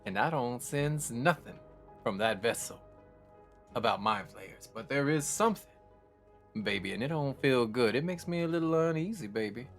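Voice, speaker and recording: A man's voice: mid-range voice, animated, normal speed, a bit bright, soft background music. A man doing a drawling telepathic crewman who says baby. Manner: drawling, calls everyone baby. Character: laid-back male telepathic crewman, uneasy.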